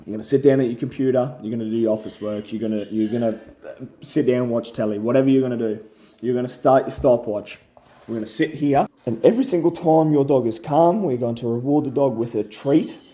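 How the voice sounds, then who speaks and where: A young man explains dog training in a casual, down-to-earth way. His voice sits at a middle pitch with a warm, mellow tone, and he keeps checking in with his listeners by asking "okay?". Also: quick pace. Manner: plain-spoken, repeats "okay?" to check in. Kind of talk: casual instructional talk.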